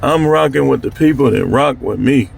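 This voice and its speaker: Blunt, gravelly man ranting to his viewers. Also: medium pitch, normal speed. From Milwaukee, Wisconsin. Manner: blunt, slangy, fired-up, addresses viewers directly. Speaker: channel host. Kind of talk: candid to-camera monologue.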